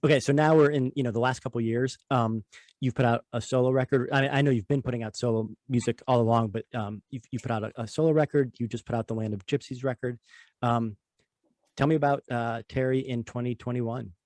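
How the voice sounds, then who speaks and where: A man's voice: medium pitch, steady tone, brisk, a little mellow, no echo. Man asking casual interview questions, dry sound. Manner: rambling, restarts phrases while praising. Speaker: podcast host.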